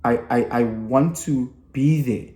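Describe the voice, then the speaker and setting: Earnest father, mellow voice. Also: mid-range voice, takes it slowly, reverberant. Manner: earnest, rambling with restarts and code-switching. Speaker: father sharing reflections. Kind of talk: reflective personal talk.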